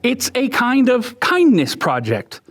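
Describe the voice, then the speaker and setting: A man's voice: very high-pitched, huge pitch swings, slow pace, fairly bright tone, voice pushed up, heavily acted. A man doing an eager little schoolgirl.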